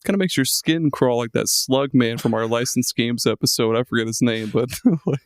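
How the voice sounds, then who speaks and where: A man's voice: mid-range voice, normal speed, no room sound, studio quality. A tipsy man co-hosting a podcast in loose, casual chat, full of fillers and swearing. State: intoxicated. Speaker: podcast co-host.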